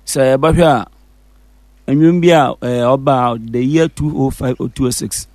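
A man with a Ghanaian accent, a musician guest telling the story of his songs in a relaxed, casual interview. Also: mid-range voice, unhurried, dry recording. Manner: relaxed storytelling, mixing English and Fante.

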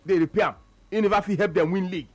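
A man's voice: very fast, no echo. A man speaking Nigerian Pidgin English as co-host of a casual sports radio talk show, repeating phrases for emphasis as he argues his point. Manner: animated, repeats phrases for emphasis, swings between low mutters and high exclamations.

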